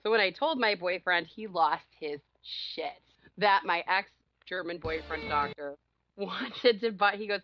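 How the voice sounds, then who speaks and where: A woman's voice: lowish voice, unhurried, highs cut off. A woman co-hosting a podcast, telling a story in casual chat and laughing often as she acts out what others said. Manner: animated, laughs often, acts out quotes loudly. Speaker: podcast co-host.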